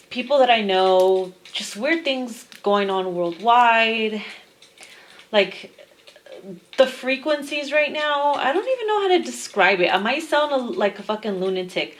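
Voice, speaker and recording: A woman's voice: mid-range voice, a bit bright. A young adult woman reading tarot, talking casually to her viewers late at night in a rambling, chatty way with some swearing. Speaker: tarot reader.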